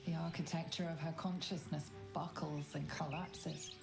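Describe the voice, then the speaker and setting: A woman delivering scripted video game narration in a grave, measured way. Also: sits low, steady tone, gravelly. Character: grave female storyteller narrator. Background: game music.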